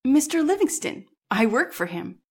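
A woman reading the part of a polite, formal African guide who greets a traveler courteously. The voice is set a little higher than the narrator's usual, in a simple storytelling read-aloud. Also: very animated, moderate pace, darkish tone, slightly rough, heavily acted. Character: African man guiding an explorer, polite.

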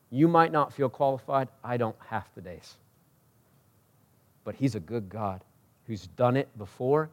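A pastor delivering a sermon, rising to loud emphatic peaks and dropping to quiet, personal asides, talking conversationally and asking the congregation questions. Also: male voice. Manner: swings from loud preaching peaks to quiet intimate lows; conversational, self-correcting, asks the crowd.

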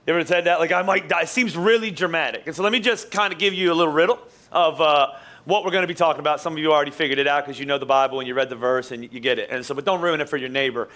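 A man preaching a live sermon as pastor in a church, jokey and energetic, teasing his congregation. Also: fairly high pitch, rapid-fire. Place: church auditorium.

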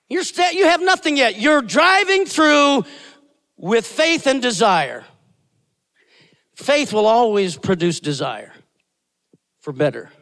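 A man preaching a sermon as a guest pastor. He swings between shouted peaks and low asides. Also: big-room sound.

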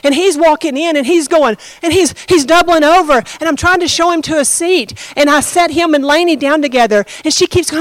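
A woman pastor telling a story in a sermon, expressive and conversational, addressing her congregation. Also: sits high, fairly quick, few pauses, no room sound.

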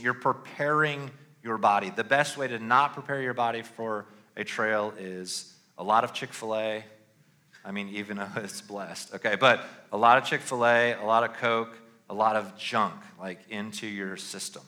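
A middle-aged man preaches with a bright, forward tone. He talks casually to the congregation, stopping often to ask "all right?" The pitch sits in a typical male range. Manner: conversational, punctuates with "all right?". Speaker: pastor. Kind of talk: sermon.

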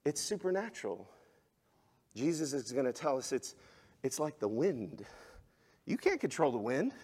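A male pastor preaching a sermon, swinging between loud, emphatic exhortation and hushed, soft passages. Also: mid-range voice, big pitch swings, normal speed, slightly rough.

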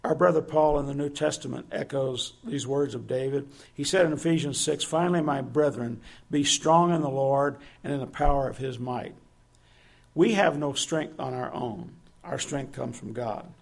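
A man's voice: medium pitch, moderate pace, creaky. A man preaching a sermon, earnest and asking his listeners direct questions.

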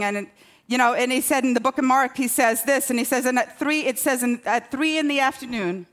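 Her voice runs on the high side with a slightly bright tone as she delivers the sermon. She keeps it chatty and self-deprecating, regularly asking the congregation "okay?".

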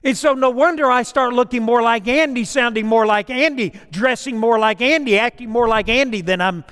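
High-voiced preacher in a reverberant hall. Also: male voice, clean tone. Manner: slow, emphatic preaching cadence that drops to a soft storytelling voice. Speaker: pastor. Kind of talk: sermon. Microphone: lapel or stage mic. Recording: long reverb in a church hall, crackling mic.

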